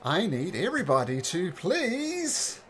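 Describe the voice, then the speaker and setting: A man narrating a tabletop game as game master, halting with fillers and restarts. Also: sits high, huge pitch swings, a bit bright.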